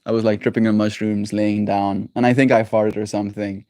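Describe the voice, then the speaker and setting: A man's voice: fairly low pitch, flat delivery, a little fast, a little mellow, dry recording. A man hosting his daily livestream, chatting affectionately with viewers in a rambling, playful way, giggling and tossing in silly made-up words. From Canada. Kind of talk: casual livestream chat with viewers.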